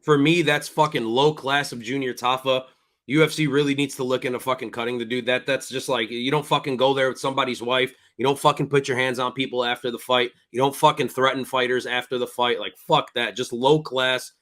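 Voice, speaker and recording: A man's voice: mid-range voice, steady tone, a little fast, a bit bright. A man hosting a fight recap podcast, recounting the action at length in blunt, profane casual chat. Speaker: podcast host.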